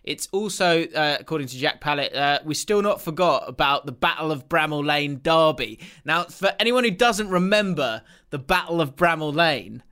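A man's voice: a little high, expressive, normal speed, few pauses, sharp tone, clear, resonant tone. A young man co-hosting a casual football podcast, laughing often and rambling as he reads out the fixtures. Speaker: podcast co-host.

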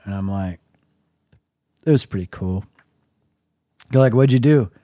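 A middle-aged man casually telling a long story on his own podcast, wry and laid-back, dropping to a low mumble when he quotes himself. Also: measured pace, warm tone, no echo, studio quality. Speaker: podcast host.

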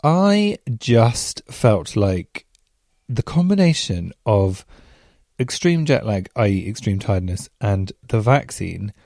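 A man's voice: on the low side, sing-song, slow pace, darkish tone, no room sound, studio quality. A man hosting a podcast, telling casual stories with rambling, self-mocking asides and rhetorical questions. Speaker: podcast host. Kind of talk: casual chatty storytelling.

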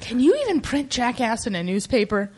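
A woman co-hosting a podcast in casual chat, joking and teasing the others with quick quips. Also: fairly high pitch, very animated, a little mellow, slightly rough. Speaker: podcast co-host.

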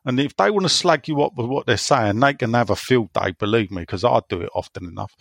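Blunt bantering man, gravelly voice, dry close sound. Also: mid-range voice, fairly quick, no room sound. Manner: blunt, bantering, swears freely. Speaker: podcast co-host. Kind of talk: casual chat.

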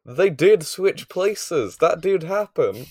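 A man's voice: high-pitched, very animated, slow, a little mellow, husky, dry recording, studio quality. A man hosting a casual podcast, teasing his co-host in a playful, upbeat way. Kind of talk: casual chat.

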